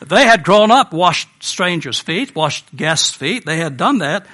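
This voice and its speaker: An American man preaching a sermon in a relaxed, conversational storytelling manner with personal asides. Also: on the high side, unhurried, hardly any pauses. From United States.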